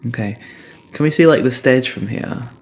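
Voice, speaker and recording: A man's voice: mid-range voice, moderate pace, low-quality recording. A man playing a tabletop game, teasing and playful in character talk. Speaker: player. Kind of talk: tabletop role-play.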